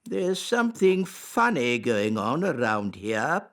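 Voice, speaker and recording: A man voicing a wise old male elf in a cartoon, measured and dryly teasing. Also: mid-range voice, sing-song, fairly bright tone, full character voice.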